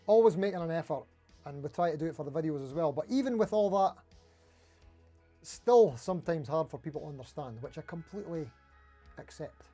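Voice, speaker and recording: Faint music plays behind a middle-aged Scottish livestream host from Dundee as he rattles through viewer comments on his casual guitar stream. He talks quickly and chattily in a broad accent, his high voice still sounding warm and gentle at the edges.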